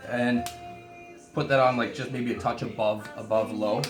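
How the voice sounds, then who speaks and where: A man hosting a casual home cooking demonstration, chatting with joking asides while gently scolding a child who is helping. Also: medium pitch, steady tone, normal speed, echoey room, over music. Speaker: home cooking show host. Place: home kitchen.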